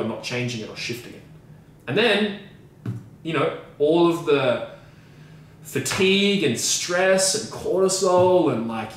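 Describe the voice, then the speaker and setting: A man co-hosting a podcast as a coach, talking emphatically with frequent swearing and repeated phrases. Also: fairly high pitch. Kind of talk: casual podcast discussion. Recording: very echoey room, mic at a distance, faint noise.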